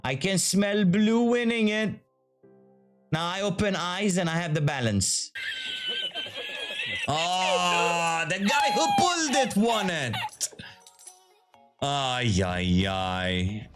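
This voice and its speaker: A man talking to his viewers in casual live commentary, excitable and profane, his pitch swinging up and down a lot. He takes his time and speaks in an unhurried way even when worked up. Faint music plays under his voice. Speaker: video host.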